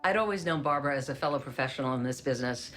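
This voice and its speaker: A woman's voice: very deep voice, animated, racing, a bit bright, soft background music. A woman journalist recalling an interview experience, hesitant and thoughtful. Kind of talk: reflective interview answer.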